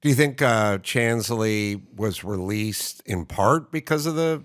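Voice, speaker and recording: A man's voice: fairly low pitch, lively intonation, takes it slowly, a bit bright. A man hosting an unscripted interview, talking in a wry, anecdotal storytelling way. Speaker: podcast host, interviewer.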